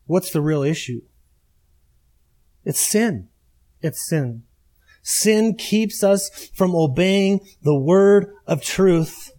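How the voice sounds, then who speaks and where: Middle-aged man, pastor, high-pitched voice, emphatic sermon delivery with repeated phrases. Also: animated, extremely slow, long pauses, dark tone. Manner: emphatic, repetitive preaching cadence.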